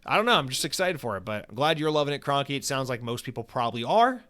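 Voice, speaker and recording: A man hosting a casual solo podcast, talking in an animated, profane and sarcastic way with lots of filler words. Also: mid-range voice, fast. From United States. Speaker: podcast host.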